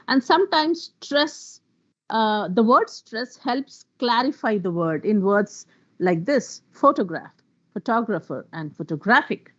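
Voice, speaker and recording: A woman's voice: a little high, highs cut off. Woman lecturing on word stress. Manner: explanatory, spells out and lists example words. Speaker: workshop speaker on pronunciation. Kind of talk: online workshop lecture.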